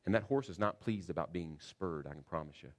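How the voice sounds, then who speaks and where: A man preaching a sermon in a church, earnest and building to loud, emphatic passages. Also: low-pitched, brisk. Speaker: pastor.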